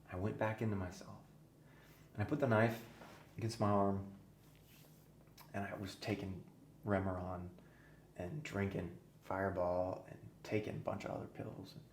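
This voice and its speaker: A podcast guest with a lowish, vocal-fry voice recounts his own story with earnest intensity, sometimes dropping almost to a whisper. The room echoes and has faint noise.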